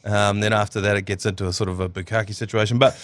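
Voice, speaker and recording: A man's voice: fairly low pitch, flat delivery, fast talker, a bit bright, no room sound, studio quality. A man with a New Zealand accent hosting a sports podcast in a rambling, joking way and laughing often. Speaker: podcast host. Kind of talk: casual sports chat.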